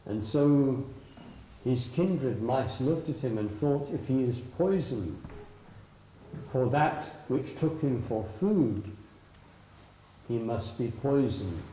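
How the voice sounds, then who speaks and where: A man's voice: mid-range voice, expressive, slow pace, pauses often, warm tone. A man telling a traditional story live at a festival, dramatic and swooping, drawing out his words. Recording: roomy live hall with faint noise.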